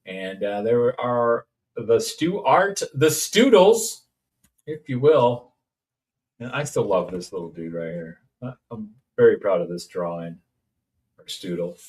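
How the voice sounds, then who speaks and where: A man's voice: lowish voice, lively intonation, measured pace, darkish tone. Rambling jokey man. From Indiana, USA. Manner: rambling, jokey, sings snippets. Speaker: toy-collecting streamer. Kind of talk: casual unboxing chat. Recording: distant mic.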